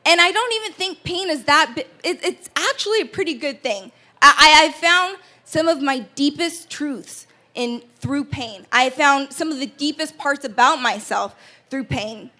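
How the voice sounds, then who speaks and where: On an event stage before an audience, a woman keynote speaker tells a personal story in an earnest, emotional speech, often stumbling and restarting. Her voice is high-pitched, animated and measured, with a bright, forceful tone.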